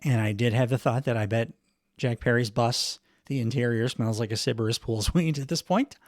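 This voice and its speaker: Male podcast host, middle-aged, mid-pitched, wry and chuckling, dry close sound. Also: normal speed, dry recording. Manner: rambling, wry, chuckles often, many fillers. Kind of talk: casual solo wrestling recap.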